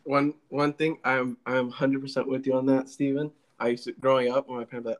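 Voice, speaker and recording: An easygoing man hosting a casual podcast conversation, asking questions of his guests. His voice sits at an ordinary middle pitch. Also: flat delivery, fast, few pauses. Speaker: podcast host. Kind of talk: casual chat.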